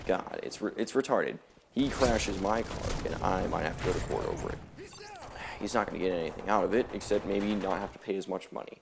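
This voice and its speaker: A man's voice: low-pitched, fast, vocal fry, background noise. A young man rambling casually in a laid-back way while commenting over gameplay. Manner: rambling, laid-back, heavy on filler words. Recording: loud gunfire from game audio behind voice.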